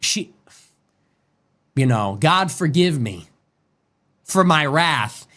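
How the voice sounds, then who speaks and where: A man's voice: fairly high pitch, lively intonation, very slow, pushed and bright. A man delivering an angry commentary, swearing and sarcastic. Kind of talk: angry profane rant.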